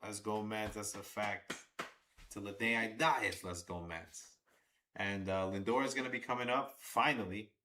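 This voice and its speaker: A young man with a lowish voice gives casual live fan commentary on a baseball game. He is chatty and excitable, cheering players on and cursing when plays go wrong. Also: moderate pace. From Long Island, New York.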